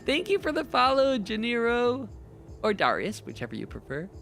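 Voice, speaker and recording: A playful streamer chatting through a role-playing game, laughing often and reading the dialogue out loud. The voice swoops widely in pitch and has a bright, forward tone. Quiet game music plays underneath. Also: huge pitch swings, moderate pace, creaky. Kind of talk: casual gameplay commentary, voicing characters.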